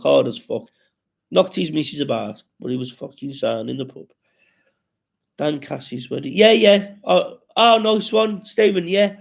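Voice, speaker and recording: A man's voice: medium pitch, gravelly, darkish tone. A man with a West Midlands accent hosting a live stream, reading out comments with sweary, jokey banter.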